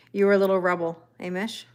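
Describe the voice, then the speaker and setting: A woman's voice: medium pitch, darkish tone. Chatty woman hosting a live tarot stream. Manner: chatty, rambling, laughs often. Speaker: tarot reader. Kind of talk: live-stream chat reading viewer comments.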